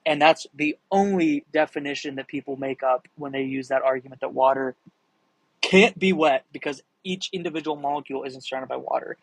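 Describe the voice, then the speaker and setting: A young man hosting a live stream, answering viewer questions in a rambling, excitable, casual chat, swearing freely. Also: mid-range voice, fairly quick, gravelly, no room sound, poor audio.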